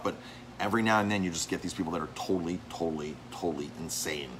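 A man, a restaurant owner and chef, talking casually and telling animated stories about difficult customers, often repeating words and acting out the arguments. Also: sits low, fast talker, slight background noise. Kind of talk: casual vlog monologue. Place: his restaurant.

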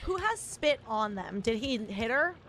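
Woman co-host, high voice, quick reactions and casual swearing; faint background noise. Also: big pitch swings, a bit bright. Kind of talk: casual chat.

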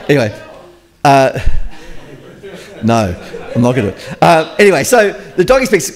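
A man's voice: a little high, sing-song, brisk. A man preaching a conversational sermon, retelling a story in a chatty, joking way.

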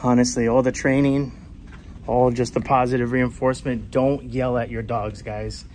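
A man's voice: medium pitch, flat delivery, moderate pace, a little mellow, a little hiss or hum. A man hosting a travel vlog in casual chat to camera, joking and bantering, recorded outdoors in a city at night.

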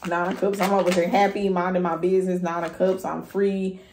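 A woman's voice: on the low side, fairly quick, roomy sound, background noise. Blunt, cussing woman reading tarot. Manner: blunt, profane, animated. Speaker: tarot reader.

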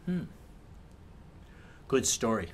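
An older man with a Hawaiian Pidgin accent telling a spooky children's story in a theatrical way, dropping to hushed tones and then building up excitement. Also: mid-range voice, very slow, a little hiss or hum.

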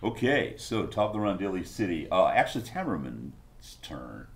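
Lively-voiced man running a tabletop game. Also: sits low, normal speed, slight background noise. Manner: animated, laughing often, sound effects like "blam". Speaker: game master.

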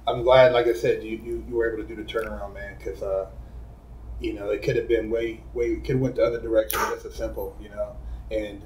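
A man's voice: on the low side, level tone, fast talker, a little mellow, slight background noise. A man hosting a casual interview, talking in easygoing street slang and often repeating words as he starts a question. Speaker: interview host. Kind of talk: conversational interview. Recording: echoey room.

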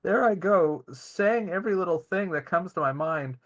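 A man's voice: sits high, expressive, normal speed, voice pushed up. A man voicing a flirty, babbling female brook spirit in a text adventure game. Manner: giggly, rambling flirt.

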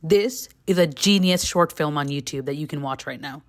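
A young woman vlogging quick, profane and gushing film reviews. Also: low voice. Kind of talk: casual film review vlog.

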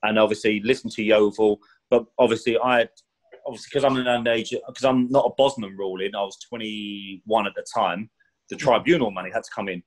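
On a roughly recorded podcast, an ex-professional footballer tells career stories in a loose, talkative interview. His voice runs low and steady at a brisk pace; he keeps asking "do you know what I mean" and acts out what people said in a louder voice.

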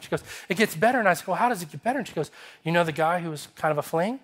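A male pastor preaching a sermon, telling a lively story and acting out its dialogue before moving into an appeal. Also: sits high, very fast, slightly rough. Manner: animated, acts out dialogue in his story. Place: church sanctuary.

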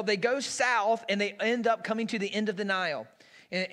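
High-voiced man preaching a casual sermon. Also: a bit bright. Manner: casual, storytelling. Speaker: pastor. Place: church sanctuary. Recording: long reverb in a large hall.

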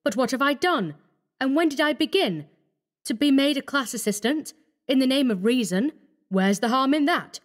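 Woman playing a hoarse frightened student. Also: medium pitch, expressive, moderate pace, lightly acted. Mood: desperate. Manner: desperate, pleading. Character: frightened young male medical student.

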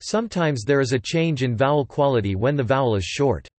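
A computer-generated man's voice reading an encyclopedia article, flat and even in delivery. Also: mid-range voice, a little fast, dry recording. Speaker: text-to-speech reader. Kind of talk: synthetic encyclopedia narration. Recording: dry, close synthetic audio.

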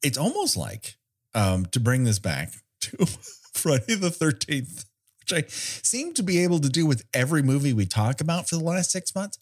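A man's voice: fairly high pitch, big pitch swings, normal speed, husky. A man co-hosting a casual film podcast, wry and sarcastic, swearing casually as he riffs. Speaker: podcast co-host. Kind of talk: casual film-review chat.

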